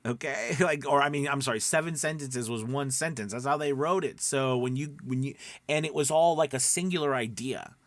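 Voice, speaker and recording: A man's voice: medium pitch, normal speed, hardly any pauses, dry recording. A man teaching voice acting in a casual, rambling spoken lesson full of fillers and restarts. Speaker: voice acting coach.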